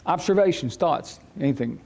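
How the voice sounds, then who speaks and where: A man's voice: on the high side, expressive, creaky, darkish tone. Guy leading church bible study, chatty, stops and restarts a lot. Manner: conversational, halting restarts, chuckles. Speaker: Bible class teacher. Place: church classroom.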